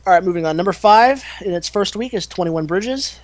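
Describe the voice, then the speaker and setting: A man's voice: high-pitched, lively intonation, a little fast, dry recording. A man co-hosting a podcast in easygoing casual chat, reading out box office rankings. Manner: easygoing, reads figures out.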